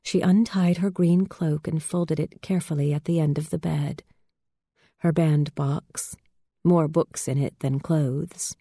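A woman reading a storybook aloud with slow, measured delivery. Her voice is low and mellow, recorded dry and close. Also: steady tone, breathy edge, no room sound. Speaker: narrator. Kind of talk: scripted storybook narration.

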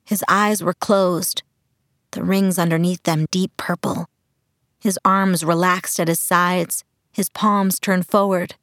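A woman's voice: lowish voice, fairly even intonation, slow pace, a bit bright, no echo. Woman narrating an audiobook, dry and close. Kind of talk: first-person audiobook narration.

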